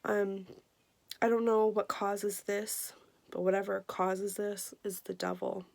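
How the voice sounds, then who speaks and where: A woman in her twenties giving an earnest, emotional personal health update, halting with many fillers. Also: mid-range voice, little pitch movement, creaky, a little mellow. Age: 20s. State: emotional, near tears. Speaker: vlogger.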